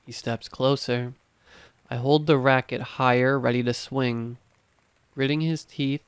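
A man reading horror stories aloud in measured, steady scripted narration. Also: mid-range voice, smooth, dry recording.

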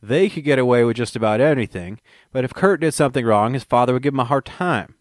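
A man's voice: medium pitch, expressive, fast talker, dry recording, studio quality, natural voice. A man putting on a folksy older Texan. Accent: Texas. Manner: folksy, blunt storytelling. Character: plainspoken older man recalling family troubles.

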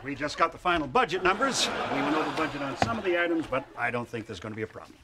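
An actor playing an absent-minded older boss who stammers and meanders, in a sitcom. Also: male voice, on the high side, expressive, very fast, very noisy. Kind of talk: sitcom acting. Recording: loud studio audience laughter.

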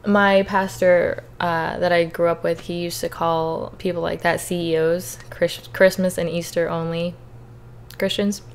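A woman's voice: on the low side, level tone, measured pace, a little hiss or hum. A young woman hosting a podcast, candidly telling her personal faith testimony, emotional and on the verge of tears. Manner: candid, earnest, emotional at times. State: tearful. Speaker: podcast host.

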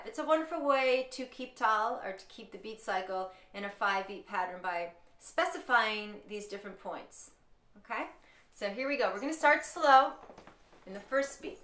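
Bright-voiced woman teaching rhythm in an echoey room. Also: mid-range voice, expressive, normal speed, slight background noise. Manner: counts beats and chants syllables aloud. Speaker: music teacher. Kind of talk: rhythm lesson.

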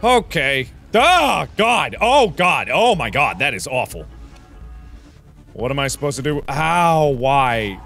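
A man commenting on a video game as he plays it, loud and exasperated, swearing freely and breaking into sudden yells. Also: mid-range voice, big pitch swings, slow pace, creaky, faint music behind. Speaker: let's play host.

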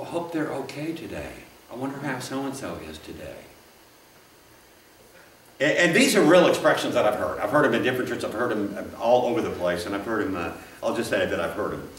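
Heard from a distance in a roomy church sanctuary, a pastor delivers a folksy, rambling sermon full of asides and restarts. His voice is a little high with a fairly bright tone.

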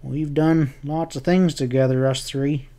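A man voicing a tough, loyal cowhand who speaks slowly and gropes for words in an audiobook western. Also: mid-range voice, fairly even intonation, warm tone, close to an everyday voice. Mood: grave. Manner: slow, groping, pleading.

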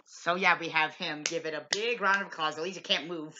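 A woman's voice: low voice, fairly even intonation, a little fast, background noise. A woman hosting a home-made comedy film review, bossy and mock-grumpy. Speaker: film reviewer, show host. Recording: lo-fi home recording.

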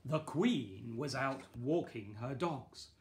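Slow, animated man reading a storybook. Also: a little hiss or hum. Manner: lively, playful, with bursts of excited high exclamations. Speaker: author reading his picture book. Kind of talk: children's storybook read-aloud.

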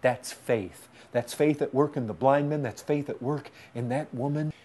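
An impassioned male preacher with a mid-range voice delivers a sermon. He swings between loud urgency and hushed, intense stretches. His cadence is repetitive and pleading. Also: mid-range voice, normal speed.

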